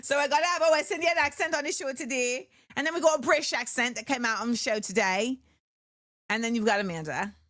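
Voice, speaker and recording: A woman's voice: sits high, fast talker, no echo, clean studio sound. A middle-aged woman hosting a talk show, chatting casually and animatedly. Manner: animated, chatty, laughs often.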